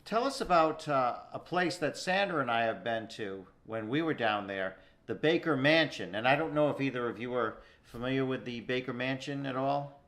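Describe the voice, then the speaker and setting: A man's voice: mid-range voice, expressive, normal speed, a bit bright. A man hosting an interview, effusive and generous with praise for his guest. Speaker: show host.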